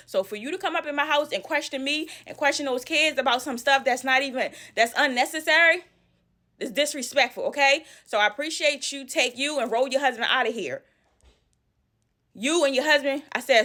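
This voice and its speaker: A woman recounts a personal story for her vlog audience, animated and emphatic. She repeats her lines for effect, and her voice sits a little high. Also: a little fast. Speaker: storytime vlogger.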